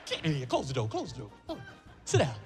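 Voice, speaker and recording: A man's voice: on the high side, huge pitch swings, fairly quick, a little mellow, soft background music, voice pushed down. A man voicing a laid-back male school principal who sounds weary and amused.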